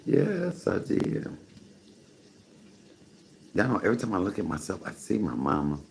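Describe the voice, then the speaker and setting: A man in his fifties with an extremely deep, gravelly voice rambles to the camera in a casual home vlog. His delivery swings widely and lively, and he keeps coming back to the same catchphrases. A faint hiss of noise sits under the recording. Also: normal speed. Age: 50s. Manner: animated, repeats "come on, somebody". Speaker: vlogger. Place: home apartment, indoors, cooking. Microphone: camera mic.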